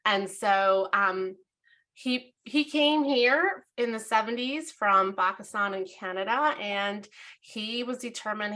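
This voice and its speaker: A woman's voice: mid-range voice, takes it slowly, sharp tone. A woman hosting an education webinar, talking casually and animatedly as she tells her own story. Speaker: webinar host. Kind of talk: casual presentation.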